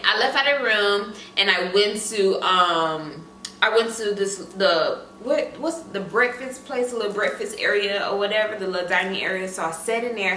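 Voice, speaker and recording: A young woman vlogging, telling a casual storytime in an animated way with asides straight to her viewers, in an echoey room away from the mic. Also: mid-range voice. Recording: echoey room, mic at a distance, faint room noise.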